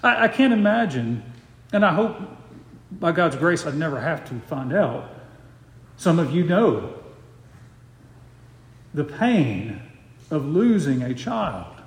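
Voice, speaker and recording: Middle-aged male pastor, deliberate sermon delivery with repeated emphasis, slightly high voice, roomy reverberant sanctuary sound. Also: sing-song. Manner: slows to stress key phrases, repeats words. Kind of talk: expository sermon.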